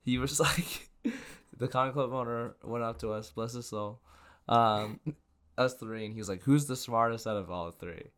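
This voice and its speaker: A man's voice: medium pitch, moderate pace, fairly bright tone, clean tone. A young man co-hosting a podcast, telling a story in teasing, joking casual chat. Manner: teasing, jokey. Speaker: podcast co-host.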